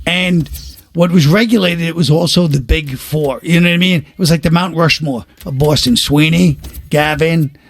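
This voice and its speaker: A man's voice: a little high, normal speed, vocal fry. An older man from New York, a comedian telling stories in casual chat and acting out the people he quotes. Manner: animated storyteller, acts out quoted voices.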